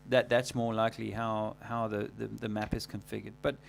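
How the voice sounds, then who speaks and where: A man hosting a livestream, talking casually in a rambling, halting way full of fillers and restarts. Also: fairly low pitch, level tone, gravelly, a little hiss or hum. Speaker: livestream host.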